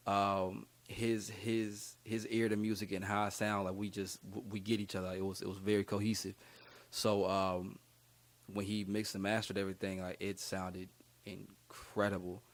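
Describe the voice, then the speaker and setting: Low-voiced laid-back young rapper. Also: male voice, flat delivery, moderate pace. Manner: laid-back, slangy, rambling with many fillers. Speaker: rapper guest. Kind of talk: casual interview storytelling.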